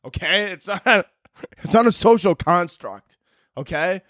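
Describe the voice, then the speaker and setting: A man's voice: sits high, expressive, a little slow, a bit bright, no room sound, clean studio sound. A young man hosting a podcast on his own, ranting sarcastically with lots of swearing. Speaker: podcast host. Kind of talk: solo comedic rant.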